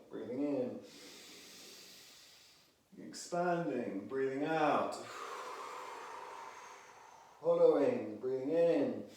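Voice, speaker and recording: Male movement instructor, slightly high voice, calm step-by-step cues, recorded far off in a very echoey room. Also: slight background noise. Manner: calm, instructive, counting and cueing each movement. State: slightly out of breath. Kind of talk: guided movement and breathing class.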